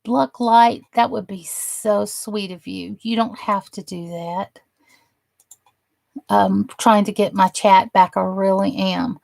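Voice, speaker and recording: A woman chats through a casual crafting live stream, her voice gravelly with vocal fry. She takes her time over each thought and admires every piece she holds up. The recording is close and dry, with no room sound. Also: medium pitch, steady tone, slow, a little mellow, no room sound. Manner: gushing and admiring, chatty asides.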